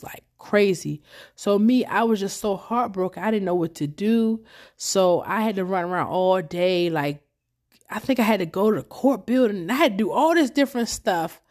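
Young woman host, lower voice, rambling emotional storytelling, casual and chatty. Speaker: podcast host.

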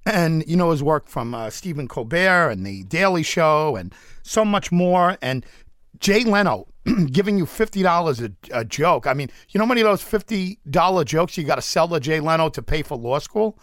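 A male radio host interviewing a guest and announcing show details in a relaxed way. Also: fairly high pitch, normal speed, no echo, clean studio sound.

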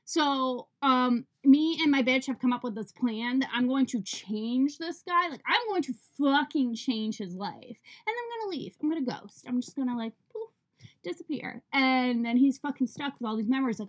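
High-voiced young woman ranting a dating story. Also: moderate pace. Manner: profane, animated, exasperated storytelling. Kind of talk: casual storytelling.

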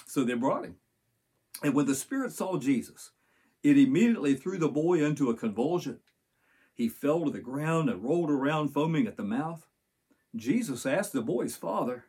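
A man's voice: mid-range voice, animated, moderate pace, darkish tone, husky. An older man, a pastor, preaching a sermon and reading scripture aloud in an earnest way.

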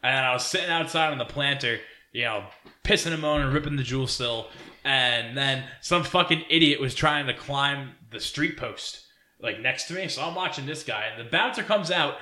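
A young man hosting a podcast who tells stories in an animated, profane way and acts out the people in them. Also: medium pitch, normal speed. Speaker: podcast host. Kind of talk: casual storytelling chat.

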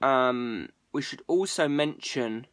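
A man's voice: medium pitch, takes it slowly, fairly bright tone. A man streaming to viewers as a musician, rambling casually with plenty of swearing and jokes. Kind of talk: casual livestream chat.

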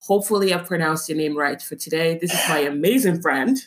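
A woman's voice: deep voice, brisk. A woman hosting a podcast interview over a video call, effusive and enthusiastic. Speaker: podcast host.

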